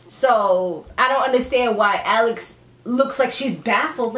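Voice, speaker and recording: A woman casually recapping a TV episode for her channel in a sassy, animated way, often laughing as she talks. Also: a little slow, few pauses. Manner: animated, sassy, dramatic pitch jumps; laughs often while talking. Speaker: TV recap vlogger. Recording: echoey room.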